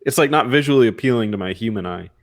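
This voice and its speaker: A man's voice: mid-range voice, expressive, fast. A man co-hosting a gaming podcast, eagerly recounting his play in casual chat. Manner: eager storytelling, "dude" and "like". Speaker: podcast co-host.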